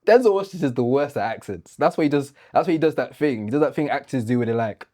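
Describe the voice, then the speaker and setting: A man rattling through casual banter, his speech fast and his pitch swinging freely. His mellow voice runs full of slang and frequent laughs. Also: expressive. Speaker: co-host. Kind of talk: casual pop-culture chat.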